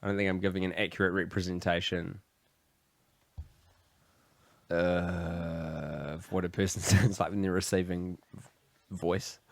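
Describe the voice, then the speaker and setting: Nz dude, deadpan and wry, lowish voice, dry close podcast sound. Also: male voice, moderate pace, creaky, no room sound. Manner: deadpan, wry, low-key. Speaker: podcast co-host. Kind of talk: casual chat over a film.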